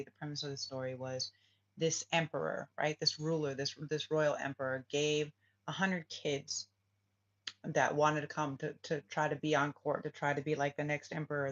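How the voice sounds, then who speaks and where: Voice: medium pitch, dull audio. A spiritual reader and channel host telling a story in a casual vlog, rambling, swearing often, restarting phrases and asking "right?" again and again.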